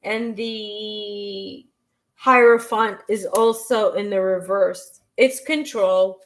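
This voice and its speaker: A woman doing a live-stream tarot reading, reading chat questions aloud and answering them in a halting way, with frequent restarts. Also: mid-range voice, steady tone, a bit bright, low-quality recording. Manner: slow and unhurried. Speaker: tarot reader.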